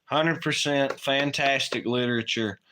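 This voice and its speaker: A man's voice: medium pitch, a little slow, background noise. A man co-hosting a late-night livestream, chatting casually in a rambling, profane way and laughing often. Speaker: livestream co-host.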